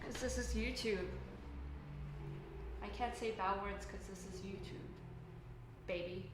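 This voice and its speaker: A woman's voice: medium pitch, steady tone, unhurried. A Canadian woman hosting a casual livestream. She reads chat comments and rambles with lots of fillers and self-corrections. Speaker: livestream host reading chat. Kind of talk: casual live chat while building. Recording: echoey room with faint background noise.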